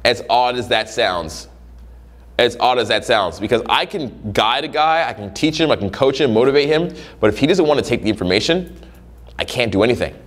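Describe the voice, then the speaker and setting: A man's voice: mid-range voice, brisk. A man talking as a dating coach in a casual, profane monologue, acting out little scenes in different voices. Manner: profane, animated, acts out scenarios in voices.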